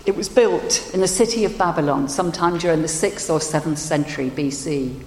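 A woman minister giving a sermon and leading a prayer, telling stories in a measured, gentle way. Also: on the low side, expressive. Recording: echoey hall with long reverb.

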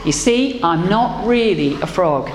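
A woman's voice: on the low side, animated, a little slow, a little hiss or hum. A woman voicing an eager, pleading male frog who wants a kiss, in a roomy hall. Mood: coaxing. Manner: pleading, coaxing. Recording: roomy hall with faint ambience.

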